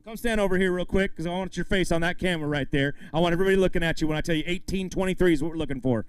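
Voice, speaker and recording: A man's voice: high voice, very fast, clear, resonant tone. A man emceeing a live fishing tournament weigh-in outdoors, hyping up the crowd and the anglers as he calls out weights. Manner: upbeat, hypes up the crowd and anglers.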